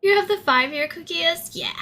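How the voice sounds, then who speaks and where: A woman's voice: extremely high pitch, moderate pace, pushed and bright. A young woman chatting casually on a live stream, giggling often and thanking her viewers one by one. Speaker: livestreamer.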